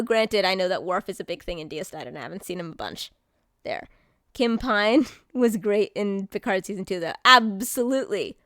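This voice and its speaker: A woman streamer chatting casually and excitedly, rambling, swearing now and then and answering chat, while hiccuping. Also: on the high side, no echo, clean studio sound.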